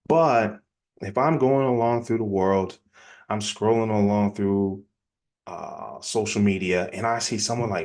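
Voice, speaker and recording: A man giving a casual, energetic sales-coaching presentation in a plainspoken, conversational way. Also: fairly low pitch. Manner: energetic, acts out quick example dialogues. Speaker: business coach.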